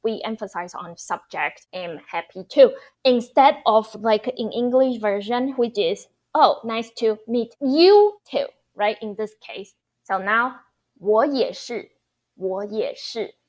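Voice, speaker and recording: Slow, high-voiced woman teaching Mandarin. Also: lively intonation. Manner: explains slowly with frequent fillers and repeats phrases for practice. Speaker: language teacher. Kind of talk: casual online language lesson.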